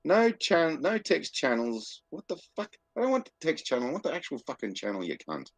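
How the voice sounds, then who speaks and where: Foul-mouthed man, wildly swinging pitch. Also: huge pitch swings, a little fast, no echo. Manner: swearing constantly, frustrated. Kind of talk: casual chat.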